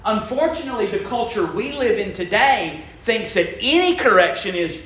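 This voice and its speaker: A man preaching a sermon in a church, emphatic, swinging from loud bursts down to low, quiet lines. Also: expressive, moderate pace, few pauses. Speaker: pastor. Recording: echoey room, dull lo-fi sound.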